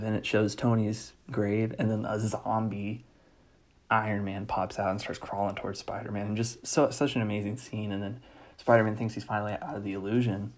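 A man's voice: on the low side, flat delivery, moderate pace, a little mellow. A man casually recapping a movie, enthusiastic and rambling, with lots of fillers. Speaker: movie reviewer.

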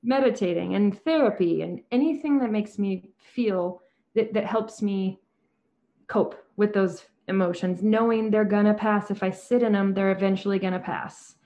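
A woman in her forties, a therapist talking calmly and earnestly, often acting out her own conversations. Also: mid-range voice, normal speed, highs cut off. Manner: calm, soft-spoken, quotes herself in dialogue. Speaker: therapist and guest.

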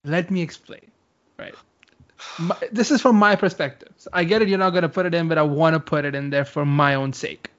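A man's voice: a little high, fairly even intonation, fairly quick, dull audio. A man co-hosting a casual chat, explaining his view at length with lots of fillers. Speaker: podcast co-host.

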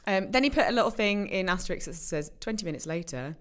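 A woman's voice: mid-range voice, lively intonation, fast talker. A woman co-hosting a podcast, chatting casually and teasing her co-host as she reads listener emails aloud. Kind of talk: casual chat.

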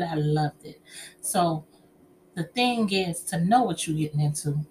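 On the low side and a little slow, this middle-aged woman's voice carries chatty, expressive personal stories and relationship advice for an audience she calls honey and child. A bit of background noise is present.

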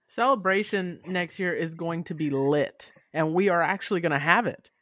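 A woman's voice: lowish voice, moderate pace, a bit bright, no echo. A woman hosting a casual podcast chat, talking bluntly and swearing freely while she steers the group. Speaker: podcast host.

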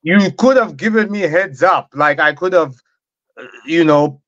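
A slightly high-voiced man chatting loosely with friends, rambling through a story with plenty of "you know" and "uh". The sound is dead dry and a little muffled. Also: normal speed, dry recording. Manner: relaxed, chatty storytelling with fillers. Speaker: podcast co-host. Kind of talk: casual banter.

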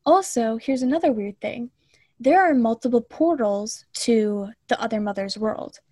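A young woman co-hosting a casual chat, retelling a film with lots of fillers and mock-indignant asides. Her voice sits fairly high and is heard close up in a dry space with no room sound. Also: moderate pace, no echo. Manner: animated, chatty, full of "like" and mock-indignant asides.

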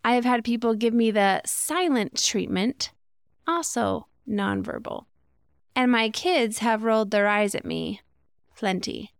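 A woman's voice: fairly high pitch, sing-song, unhurried, smooth, no room sound, clean studio sound. A middle-aged woman hosting a solo podcast, explaining ideas conversationally and asking rhetorical questions. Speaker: podcast host.

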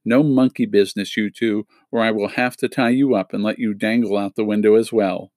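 Henchman: a man doing a gruff, threatening hook-handed thug, lowish, close and dry. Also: steady tone, brisk, darkish tone, dry recording, lightly acted.

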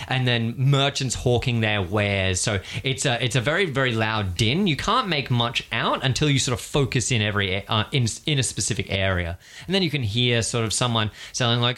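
A man's voice: medium pitch, lively intonation, brisk, few pauses, fairly bright tone. A man narrating a tabletop game as game master, describing scenes in a chatty, descriptive way.

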